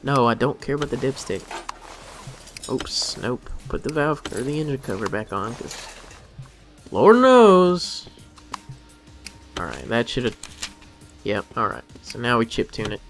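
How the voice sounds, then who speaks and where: A man talks through a game session with wry exasperation, half muttering to himself. His pitch swings widely, and faint music plays behind him. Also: very animated, a little slow, long pauses, fairly bright tone. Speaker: gameplay commentator. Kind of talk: let's play commentary.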